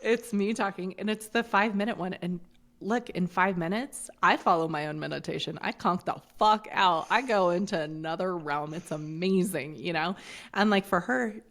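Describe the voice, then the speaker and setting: A woman's voice: on the low side, moderate pace, fairly bright tone. A woman in her forties in casual podcast chat, talking bluntly and swearing freely, with rambling asides. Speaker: podcast guest.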